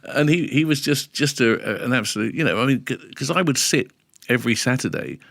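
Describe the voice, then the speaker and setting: A middle-aged man, a radio DJ telling lively anecdotes in a casual podcast interview and acting out the dialogue. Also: mid-range voice, a little fast, gravelly, no echo, clean studio sound. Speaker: radio DJ guest.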